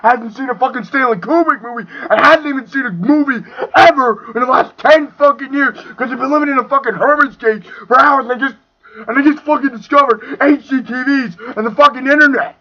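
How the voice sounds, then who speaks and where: A young man ranting angrily about a movie, profane and swinging between shouting and muttering. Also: very high-pitched, a little fast. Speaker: video reviewer. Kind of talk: angry movie rant. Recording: dull lo-fi home recording.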